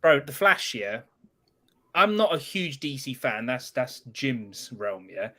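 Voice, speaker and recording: Man, host, casual live-stream chat, bright tone, animated pitch. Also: takes it slowly. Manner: loud, swearing, laughing banter.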